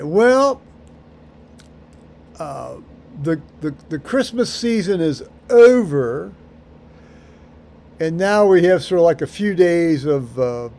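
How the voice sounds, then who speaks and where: A man rambling through a solo vlog monologue, halting with many fillers and restarts, with dry dark humor. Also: on the high side. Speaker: vlogger.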